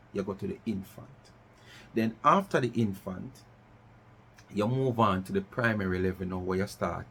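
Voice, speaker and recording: A middle-aged man with a Jamaican accent delivers a ranting commentary, pressing his listeners with repeated questions. His voice sits low and carries a gravelly rasp. He drifts between plain English and patois. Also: fairly bright tone, a little hiss or hum. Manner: challenging, repeats rhetorical questions, mixes patois. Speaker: vlogger.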